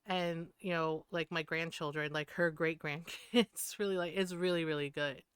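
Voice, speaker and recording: A woman's voice: low-pitched, fairly even intonation, normal speed, clean tone, no echo. Fifties woman streamer, chatty storyteller who laughs a lot, dry clean mic. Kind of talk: casual chat while gaming.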